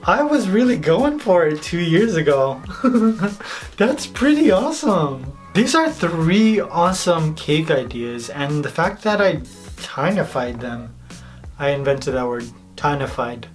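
A bubbly baking channel host, slightly hoarse, excitedly talking over old footage with gasps and giggles. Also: medium pitch, slow pace, faint music behind.

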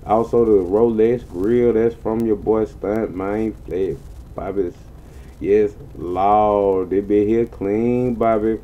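A man giving casual, slang-heavy gameplay commentary in an excitable way, swearing freely and yelping high when things go wrong. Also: takes it slowly, narrow, tinny audio, a little hiss or hum. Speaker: gaming channel host.

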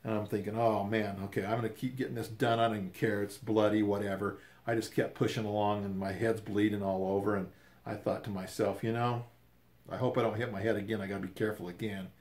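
An older man casually telling a rambling, animated story with repeated words and restarts. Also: lowish voice, quick pace.

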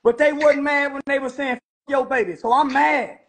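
A man ranting loudly into his recording, mocking and shouting at his targets. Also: very high voice, steady tone, moderate pace. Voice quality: loud, taunting, frequently shouting. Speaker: internet commentator. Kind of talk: angry mocking rant.

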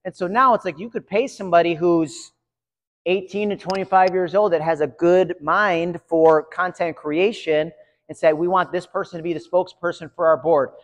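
A man giving a live conference session, chatty and energetic, talking to his audience. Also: high voice, normal speed. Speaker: conference presenter. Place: large conference room. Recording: reverberant hall.

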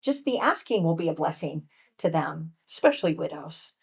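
A woman speaker teaching from scripture to a women's retreat, earnest and gentle, dropping to a soft hush on key points. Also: sits low, very animated, normal speed, gravelly, slightly rough. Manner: reads scripture aloud and acts out voices. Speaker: workshop speaker at a pastors' wives' retreat.

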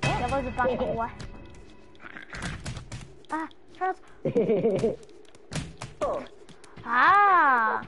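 A woman's voice: high-pitched, expressive, very slow, long pauses, poor audio. A woman playing a video game and chatting to herself in a silly, rambling, joking way. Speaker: gamer. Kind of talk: casual gameplay commentary. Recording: game music playing behind.

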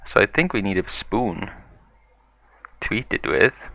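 A man narrating a story acted out with toys, in a slow, gravelly way. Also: lowish voice, animated, sharp tone, no echo. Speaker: toy video narrator. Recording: dull lo-fi sound.

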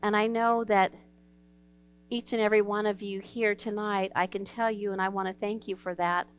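A woman's voice: medium pitch, flat delivery, normal speed, smooth. A woman pastor preaching an evening sermon in a church, telling stories in an earnest, folksy way and acting out the dialogue. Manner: earnest, folksy storytelling, acts out quoted dialogue. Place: church sanctuary.

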